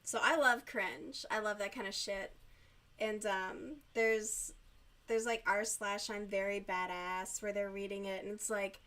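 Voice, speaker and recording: A woman's voice: medium pitch, steady tone, a little slow, fairly bright tone. Young-sounding lady rambling on stream while crocheting, giggly, swears a lot. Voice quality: youthful-sounding. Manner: chatty, giggly, swears casually. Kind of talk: casual chat while crocheting.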